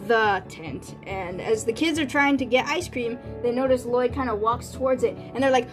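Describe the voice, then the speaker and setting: A woman's voice: on the high side, faint music behind. A woman streaming as an artist, chatting casually and rambling with many fillers and restarts. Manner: rambling, full of fillers and restarts, quick quoted voices. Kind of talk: casual livestream chat.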